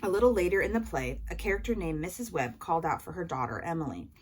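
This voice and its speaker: A woman reading a children's novel aloud in a lively first-person voice. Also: fairly low pitch, fast talker, husky, rough recording. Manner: lively first-person narration as a young boy. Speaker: audiobook reader.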